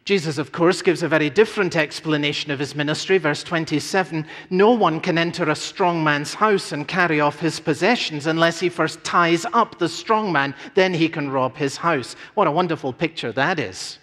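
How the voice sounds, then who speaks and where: A man preaching a sermon in an earnest, emphatic way, slowing down to stress key phrases. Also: fairly high pitch, fairly bright tone. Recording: long hall reverb.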